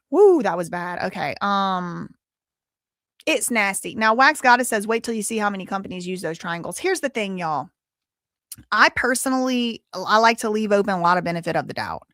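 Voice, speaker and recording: A woman's voice: medium pitch, a bit bright, no room sound, studio quality. Chatty woman livestream host. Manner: chatty, reads super chats and documents aloud, exclamatory. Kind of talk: casual livestream commentary.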